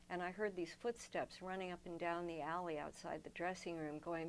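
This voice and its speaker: A woman's voice: deep voice, steady tone, moderate pace, gravelly, slight background noise, low-quality recording. An older woman, a guest in an interview, telling long personal stories in a reflective way, often restarting her sentences. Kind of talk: storytelling in a sit-down interview.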